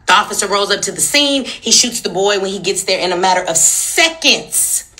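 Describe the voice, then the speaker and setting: Fiery, bright-voiced woman ranting. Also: medium pitch, expressive, moderate pace. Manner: angry, profane and emphatic, with rhetorical questions. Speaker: social media commentator. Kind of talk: heated commentary rant.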